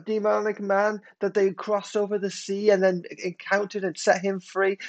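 High, gravelly-voiced male preacher. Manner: emphatic, swings between loud and hushed delivery. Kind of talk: sermon.

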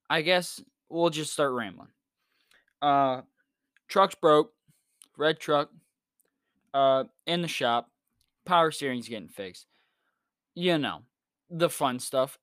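A man's voice: fairly high pitch, a bit bright, clean tone, no echo, studio quality. A young man hosting a casual solo podcast, rambling through everyday stories in a laid-back way and chuckling as he goes. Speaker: podcast host.

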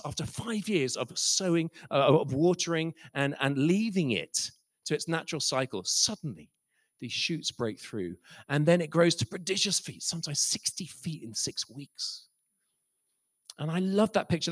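A man preaching a sermon, telling stories with passion and swinging from soft to loud. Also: a little high, no room sound. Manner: impassioned, swings from soft to loud, acts out quoted voices. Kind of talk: sermon storytelling.

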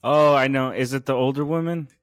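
A man's voice: mid-range voice, fairly even intonation, a little fast, no room sound, studio quality. A man in casual chat, listening and asking short curious questions. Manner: brief backchannel, curious questions.

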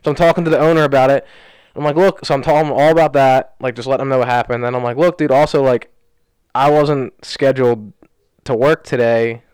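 Here a young man co-hosting a podcast chats casually, racing through a story with plenty of "like" in an animated, rambling retelling. His medium-pitched voice has a clean tone, captured without echo on a studio podcast mic.

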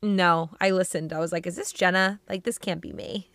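A woman's voice: lowish voice, steady tone, a bit bright, dry recording. A young woman co-hosting a podcast, chatting casually in an upbeat, talkative way. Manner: chatty, upbeat, quick laughs. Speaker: podcast co-host. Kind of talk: casual chat.

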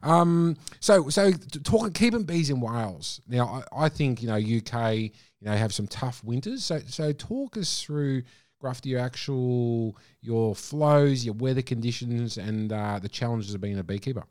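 A man with an Australian accent hosting a podcast, animated and enthusiastic as he asks questions. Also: medium pitch, unhurried, no echo, studio quality. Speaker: podcast host. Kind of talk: casual interview talk.

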